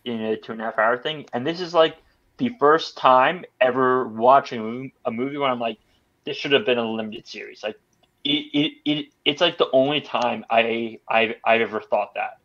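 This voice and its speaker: A man's voice: medium pitch, fairly bright tone, muffled recording. A man giving a casual film review on a podcast, rambling with many restarts and stammers. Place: podcast studio.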